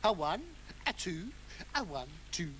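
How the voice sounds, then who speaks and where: A performer voicing a hapless, excitable castaway lost at sea in a children's puppet comedy, swinging between calm and wailing panic. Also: medium pitch, unhurried, slight background noise. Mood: comic panic.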